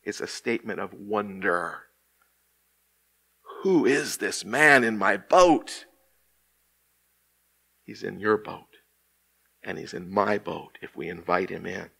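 A middle-aged man, an associate minister, delivering a sermon in a church, slowing down and drawing out key words for emphasis. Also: fairly low pitch, creaky, pushed and bright, husky. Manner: preaching with dramatic pauses and slowed emphasis. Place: church sanctuary.

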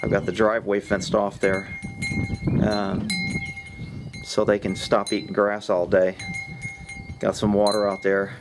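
A man's voice: fairly low pitch, monotone, a little slow, long pauses. A man, a horse trainer, talking bluntly and with cursing in a casual outdoor vlog by a pasture. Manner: blunt, ranting, profane. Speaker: horse trainer, channel host. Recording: wind hitting the microphone. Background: wind and wind chimes.

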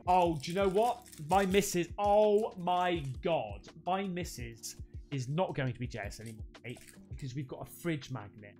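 A man opening fan mail on his channel, chatting in an excitable, exclamatory way and calling everyone mate. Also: a little high, moderate pace, soft background music. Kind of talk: casual unboxing chat.

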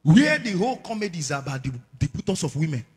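A man with a Nigerian accent preaching a sermon as an evangelist, moving from low murmurs to shouted warnings. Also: sing-song, fast talker, breathy edge. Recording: long hall reverb.

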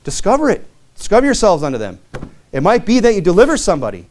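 A man's voice: huge pitch swings, quick pace, a little mellow. A man, a pastor, preaching a sermon in a plainspoken, earnest way with many conversational fillers. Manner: reads King James scripture aloud, rising in pitch on key verses.

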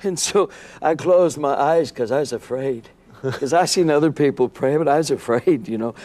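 Animated guy telling a story on a tv interview, mid pitch, keeps laughing and acting scenes out. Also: normal speed. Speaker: guest.

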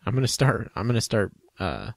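A man's voice: lowish voice, big pitch swings, brisk, vocal fry, dry recording. A man co-hosting a casual podcast, joking around, laughing often and trailing off mid-sentence. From United States. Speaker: podcast co-host. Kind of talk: casual chat.

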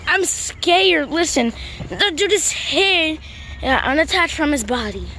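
A woman improvising a game role-play, excitable, gasping and yelling at surprises. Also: high-pitched, a little slow, a little hiss or hum. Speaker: player.

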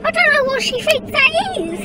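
Brief: a spoiled, sulky doll, very high and squeaky, slow and whiny, loud noise behind. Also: female voice, full character voice. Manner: whiny and complaining. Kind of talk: toy doll role-play. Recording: loud noisy outdoor recording.

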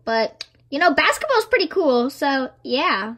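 A young woman clowns through a string of student introductions in a home-made skit. Her voice sits high and bright and swings widely in pitch. She slips playfully from one put-on character to the next. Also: lively intonation, slow. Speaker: amateur actor playing several students and a principal.

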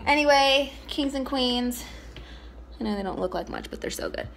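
A woman's voice: high-pitched, moderate pace, gravelly, heavy background noise. A young woman comedian filming a casual cooking vlog in her home kitchen, joking, swearing and chanting silly chopping songs.

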